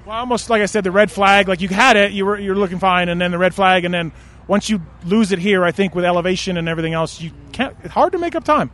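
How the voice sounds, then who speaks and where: Quick, high-voiced male interviewer. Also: a bit bright. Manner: joking, quick questions. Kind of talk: post-race interview. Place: outdoors at a race track.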